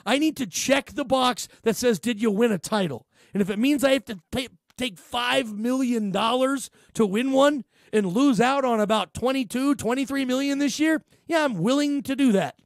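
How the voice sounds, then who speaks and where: A man's voice: very high voice, normal speed, few pauses, no room sound, clean studio sound. A man voicing a grown male pro basketball star, talking in an earnest first-person plea and repeating himself. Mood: earnest, pleading.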